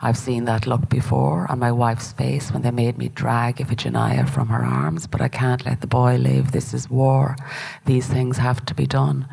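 A woman's voice: extremely low pitch, normal speed, creaky, warm tone, slightly rough, heavily acted. A woman reading a play aloud, voicing a brutal, lustful middle-aged warrior king in a blunt, boastful way. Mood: leering.

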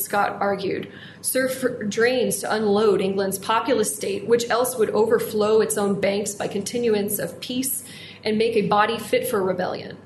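A woman giving a history lecture in a measured, formal way, reading out quotations from old sources. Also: mid-range voice, echoey room, slight background noise. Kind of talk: reading an academic history talk.

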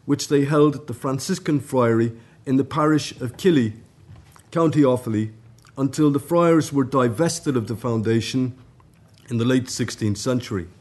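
A man at a conference, reading out a formal academic paper in a measured way. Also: medium pitch, darkish tone. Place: conference room.

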